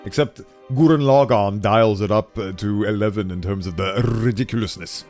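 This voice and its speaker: A man streaming a game, chatting casually and animatedly, self-deprecating and quick to laugh. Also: fairly low pitch, darkish tone, faint music behind. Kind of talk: casual commentary while playing.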